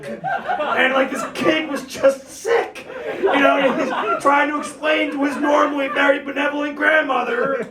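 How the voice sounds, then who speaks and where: A man in his thirties with a very high voice tears through a stand-up set, shouting his rants and laughing through them, swearing freely. He is heard from a distance, and the room around him rings with echo. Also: moderate pace, a loud crowd. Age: 30s. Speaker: stand-up comedian.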